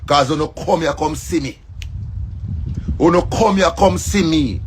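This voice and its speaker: In a casual monologue, a male comedian with a Jamaican accent preaches emphatically and keeps circling back to the same points. He speaks at a measured pace in a higher-leaning voice over slight background noise.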